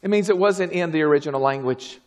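A man preaching a fervent sermon, swinging from low murmurs to shouted exclamations. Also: fast.

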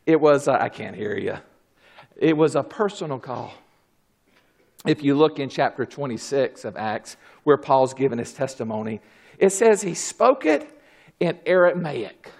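A man preaching a sermon who swings between quiet asides and shouted exclamations, calling out praises as he goes. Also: mid-range voice, lively intonation, unhurried, vocal fry. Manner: calls out "glory, hallelujah".

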